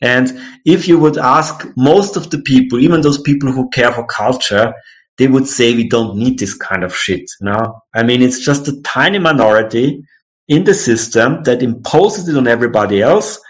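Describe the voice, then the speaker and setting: A man's voice: medium pitch, moderate pace. Indignant man ranting. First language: German. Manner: indignant, ranting, many restarts and fillers. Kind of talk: casual conversation.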